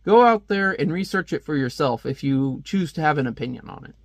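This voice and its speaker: Guy chatting through a comic review, jokey asides, kinda high voice, dry close sound. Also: lively intonation, fairly quick, gravelly, no room sound. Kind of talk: casual commentary.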